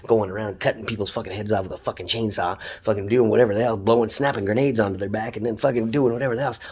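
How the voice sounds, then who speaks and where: A man's voice: on the low side, breathy edge. A man from Canada, a taxi driver, delivering an angry, profane, heated monologue. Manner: swears constantly, ranting, heated. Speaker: taxi driver ranting online.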